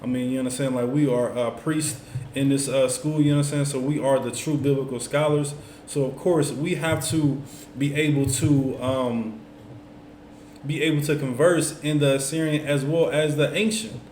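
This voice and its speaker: A man's voice: medium pitch, fairly even intonation, moderate pace, darkish tone. Man, casual teacher, chatty and loose, lots of fillers, echoey room, faint hiss. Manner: loose, conversational, many fillers like "you know what I'm saying". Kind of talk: casual classroom instruction.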